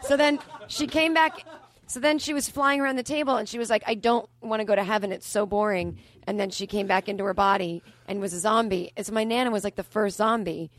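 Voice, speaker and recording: A woman comedian from Boston, telling absurd stories in a deadpan, matter-of-fact way on a podcast. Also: medium pitch, a little fast. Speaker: comedian guest. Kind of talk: improvised comedy storytelling.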